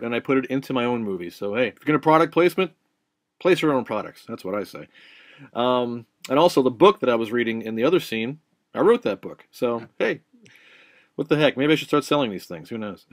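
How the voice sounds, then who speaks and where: A man's voice: mid-range voice, dry recording, studio quality. A man hosting a casual behind-the-scenes vlog about his film, chatty and rambling. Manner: chatty, rambling, self-promoting. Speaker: host and filmmaker.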